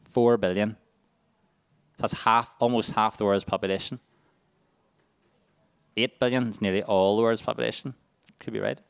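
A man's voice: lowish voice, fairly even intonation, moderate pace, creaky, long pauses, clear, resonant tone, no echo. A man leading a charity workshop, quizzing a youth group and reading out the answer options. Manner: upbeat quizmaster, reading out multiple-choice answers. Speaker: workshop leader. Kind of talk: interactive quiz with a youth group.

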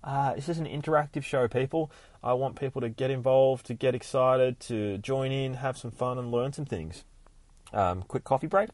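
A man hosting a podcast, retelling a comic in an excitable, heavily swearing casual way with shouted sound effects. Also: medium pitch, normal speed, no room sound. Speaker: podcast host.

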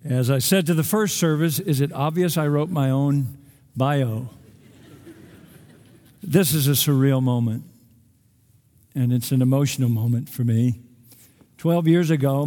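A man's voice: mid-range voice, dark tone. A middle-aged man, preaching a sermon with folksy, self-deprecating humor to a large church. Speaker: guest pastor. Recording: long hall reverb.

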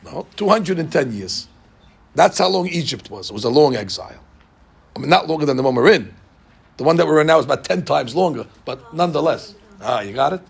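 Man teaching scripture to a class, husky voice, lively, keeps throwing questions out. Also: a little high, a little fast. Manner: animated, asks the class questions. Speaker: Torah teacher. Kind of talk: Bible class lecture.

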